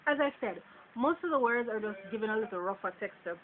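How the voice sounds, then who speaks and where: A woman's voice: a little high, lively intonation, fast talker. A woman from Jamaica with a Jamaican accent, casually reading a word list for an accent tag and chatting about how she says each word. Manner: casual, chatty, laughs between words. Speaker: vlogger. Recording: tinny phone-like audio with faint noise.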